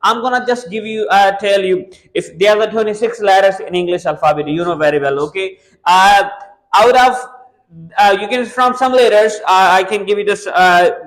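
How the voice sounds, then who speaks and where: A man teaching spoken English, talking energetically to viewers in halting phrases. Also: high voice, fairly bright tone, rough recording.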